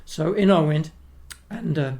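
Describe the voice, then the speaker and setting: An older Australian man with a gravelly, creaky edge to a slightly high voice. He tells long, wandering stories in a relaxed interview, doubling back and restarting as he goes, and slips into the voices of the people he remembers. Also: unhurried. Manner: rambling anecdotes with restarts, acts out quoted voices. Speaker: guest, retired opera tenor. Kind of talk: casual storytelling interview.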